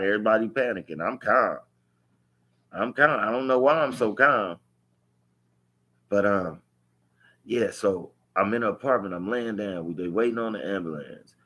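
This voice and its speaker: A man tells his life story to camera. His voice sits a little low but sounds bright and forceful. He hammers points home by repeating them and swears freely. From Los Angeles. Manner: emphatic, repeats key phrases, profane street talk. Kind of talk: unscripted personal storytelling.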